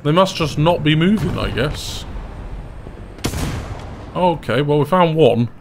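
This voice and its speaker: A young man giving gameplay commentary, excitable and breaking into loud laughing fits. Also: fairly high pitch, slow, creaky, a little hiss or hum. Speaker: gaming YouTuber.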